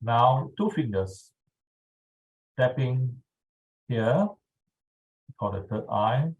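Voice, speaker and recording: A man leading a guided tapping exercise over a video call, speaking calmly and checking in often with his listeners. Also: medium pitch, dull audio. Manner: slow, calm instructional pacing with frequent "all right". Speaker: EFT tapping instructor.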